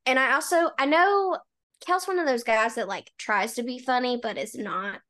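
A woman's voice: high voice, moderate pace, a bit bright. A young woman co-hosting a book podcast, chatty and emphatic, with lots of "like" fillers. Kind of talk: casual chat.

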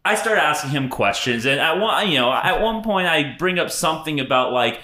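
A young man with a bright, forceful voice spins a wild night-out story for a podcast. He talks in a brash, laughing way and slips into the voices of the people he quotes. His voice rings a little in an echoey room. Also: on the high side, expressive, a little fast. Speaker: podcast co-host. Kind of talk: casual storytelling chat.

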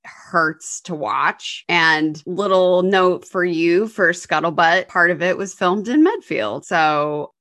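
A woman co-hosting a podcast, chatting earnestly and slowing down on heavy points. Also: on the low side, a bit bright, dry recording, studio quality. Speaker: podcast co-host. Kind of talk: casual chat.

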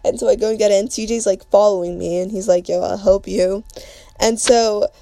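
A woman's voice: mid-range voice, steady tone, moderate pace, gravelly, dark tone, no room sound. Rambling young woman telling a story. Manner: rambling, filler-heavy, slangy storytelling. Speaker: podcast host. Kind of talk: casual storytime chat.

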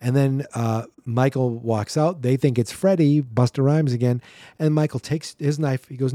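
A man's voice: medium pitch, steady tone, normal speed, mellow, no room sound, studio quality. A man hosting a podcast, giving a sarcastic, exasperated running recap of a horror film and briefly mimicking its characters. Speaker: podcast host. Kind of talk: casual movie recap.

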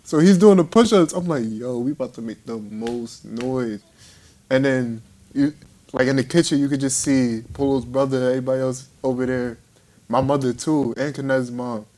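A man's voice: medium pitch, moderate pace. A young man casually telling a funny story to friends, laughing often and acting out what others said. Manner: animated, laughing, acts out voices of others.

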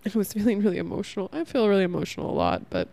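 A woman's voice: mid-range voice, wildly swooping pitch, rapid-fire, gravelly, dark tone. A young woman hosting a casual spiritual self-help podcast, rambling earnestly with lots of "like" and laughing at herself. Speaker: podcast host.

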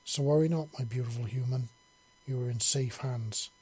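A man's voice: mid-range voice, normal speed, darkish tone, husky, close to an everyday voice. A man voicing a passionate alien hive queen. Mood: tender. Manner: pleading, intense.

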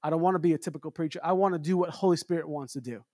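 Guy preaching, kinda high voice, chatty and story-ish, lots of amens, dry close sound. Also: very fast, a little mellow, no room sound. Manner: conversational preaching with repeated amens. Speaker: traveling minister. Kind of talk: sermon.

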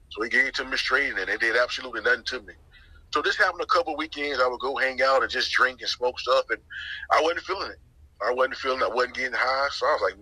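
A middle-aged man from North Carolina, telling his testimony in a lively way and acting out the voices he quotes. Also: medium pitch, quick pace, husky, no echo, poor audio. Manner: lively storyteller who acts out the voices he quotes, repeats phrases. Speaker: guest sharing his testimony. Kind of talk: personal testimony storytelling.

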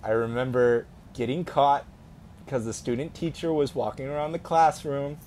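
A man's voice: medium pitch, steady tone, normal speed, a little mellow, a little hiss or hum. Rambling young man telling a story. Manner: rambling storyteller, many fillers and restarts. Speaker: podcast co-host. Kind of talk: casual podcast chat.

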